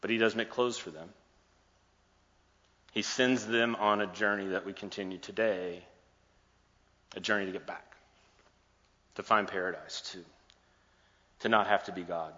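A man's voice: lowish voice, steady tone, unhurried, pauses often, bright, forceful tone. A man preaching a sermon, retelling a scripture story in a playful, joking way, recorded in a large hall with a dull sound and long echo.

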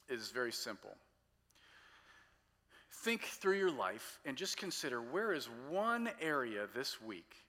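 Bright-voiced man in his forties preaching. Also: mid-range voice, in a large hall. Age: 40s. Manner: casual, self-deprecating storytelling. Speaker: pastor. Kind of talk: sermon.

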